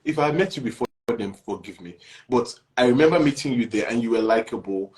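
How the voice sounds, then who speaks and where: A man's voice: mid-range voice, lively intonation, fairly quick, a little mellow. Reassuring man teaching acting. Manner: explanatory, reassuring, many "you know"s. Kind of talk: one-on-one feedback talk.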